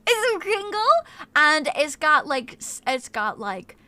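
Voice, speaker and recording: A woman streamer chatting casually on a live stream, talking in an excitable, animated way, swearing freely and reading her chat aloud. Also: high-pitched, a little slow. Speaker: game streamer.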